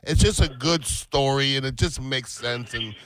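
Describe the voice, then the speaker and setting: A man's voice: mid-range voice, moderate pace, fairly bright tone, rough recording. A man co-hosting a radio aftershow in casual chat, easygoing with trailing restarts. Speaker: radio co-host.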